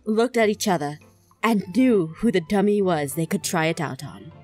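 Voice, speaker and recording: A woman hosting and narrating a comedic fan fiction reading, animated and quick to giggle. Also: mid-range voice, soft background music. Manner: animated, giggly, breaking into laughter. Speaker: host and narrator.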